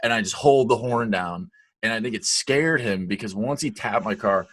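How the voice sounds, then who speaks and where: Man, low voice, casual podcast chat, laughs a lot, dry close mic. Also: normal speed, no room sound. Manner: animated storyteller, laughs often, swears freely. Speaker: podcast co-host.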